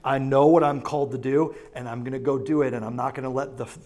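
A man preaching a sermon to a congregation, building from low, quiet points to loud, emphatic passages. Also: fairly even intonation, fast. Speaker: pastor. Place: church sanctuary.

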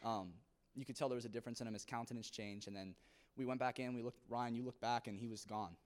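A man's voice: medium pitch, fairly even intonation, quick pace. A young man from a church youth group giving an earnest testimony to a congregation, telling his story with many fillers.

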